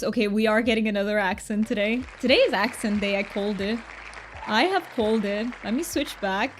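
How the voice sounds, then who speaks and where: A woman's voice: medium pitch, brisk, a faint crowd. A woman from Romania, streaming a game and chatting with her viewers in a bubbly, giggly way. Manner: bubbly and giggly, with frequent laughs and restarts. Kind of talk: casual live-stream chat, reading chat aloud.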